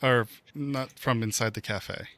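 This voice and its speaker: A man running a tabletop game as game master, describing the scene slowly with many pauses and fillers. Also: mid-range voice, steady tone, heavy background noise.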